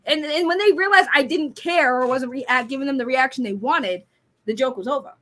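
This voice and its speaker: A woman talking candidly as a panelist on a discussion show, telling stories in an animated way. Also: high-pitched, fast.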